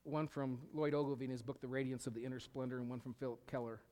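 A man's voice: mid-range voice, fairly even intonation, fast talker, dark tone. Preaching man in a reverberant hall. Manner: emphatic, repeats key phrases, drops to a whisper at times. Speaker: pastor. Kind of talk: sermon.

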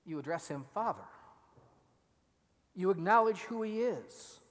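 Man, preacher, sermon, high-pitched, animated delivery, echoing church hall. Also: normal speed. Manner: animated, acts out quoted lines, drops to near-whisper for emphasis. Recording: long reverb of a large hall.

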